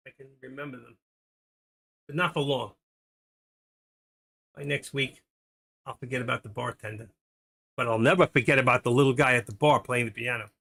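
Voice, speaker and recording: A man's voice: mid-range voice, sharp tone. Rambling middle-aged man telling jokes. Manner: rambling, chatty, laughs at his own jokes. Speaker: live-stream host. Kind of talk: casual live-stream chat and joke telling.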